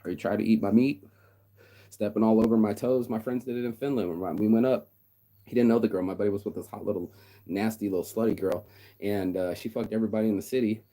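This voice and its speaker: A man's voice: fairly low pitch, steady tone, fast talker, mellow. A middle-aged man in a casual, profane vlog rant, blunt and mocking, often mimicking other people in quotes. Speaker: vlogger. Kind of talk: casual ranting monologue.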